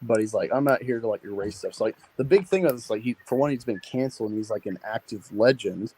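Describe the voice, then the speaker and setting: A man's voice: lowish voice, fast talker, husky, rough recording. Offhand man leading podcast talk. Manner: relaxed, offhand, swears casually. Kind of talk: casual chat.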